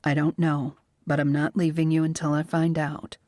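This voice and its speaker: A woman narrator voicing a protective man who talks gently but firmly. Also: sits low, little pitch movement, moderate pace, no room sound, clean studio sound, lightly acted. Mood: reassuring. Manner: gentle and firm. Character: protective male bodyguard, gentle but firm.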